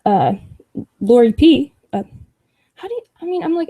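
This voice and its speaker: A woman's voice: high-pitched, big pitch swings, moderate pace, long pauses, mellow. A young woman hosting a casual livestream, reading chat comments aloud with sarcastic, profane asides and frequent laughs.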